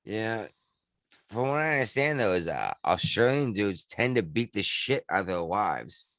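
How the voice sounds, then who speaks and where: Low-voiced crude podcast host. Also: male voice, very animated, moderate pace, a bit bright, no echo. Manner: crude, rambling, laughs easily. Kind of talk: casual podcast chat.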